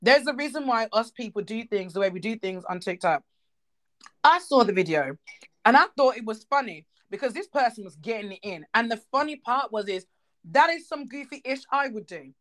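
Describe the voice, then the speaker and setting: A woman's voice: a little high, lively intonation, a little fast, a bit bright. A woman with a British accent talking bluntly and emphatically in a casual chat. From United Kingdom.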